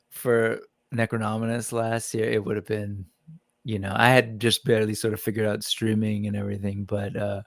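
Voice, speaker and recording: A man hosts a laid-back live stream, greeting viewers in the chat by name. His voice has a gravelly edge. The sound is dry and close. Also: lowish voice, no echo. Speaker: livestream host. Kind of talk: casual livestream chat.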